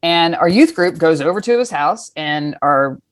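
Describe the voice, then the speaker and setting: A woman in her fifties with a low voice tells stories frankly, drifting off on tangents and swearing casually. The sound is close and dry, with no room around it. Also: lively intonation, a little slow, no room sound. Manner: frank, rambling, profane. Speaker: guest. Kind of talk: casual storytelling.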